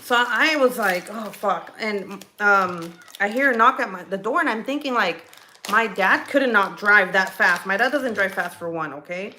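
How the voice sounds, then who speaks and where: Bright-voiced woman telling a story. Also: mid-range voice, moderate pace, slight background noise. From California. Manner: emotional, swearing, many fillers and restarts. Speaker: livestream host. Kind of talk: casual storytime chat. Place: home kitchen.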